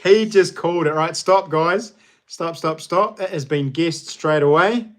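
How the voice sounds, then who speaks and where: New Zealand man, 30s, stream host, cheerful and chatty, slightly high voice. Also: unhurried, fairly bright tone. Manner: upbeat and chatty, calls viewers legends. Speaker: livestream host. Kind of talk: casual livestream chat. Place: small lounge nook at home.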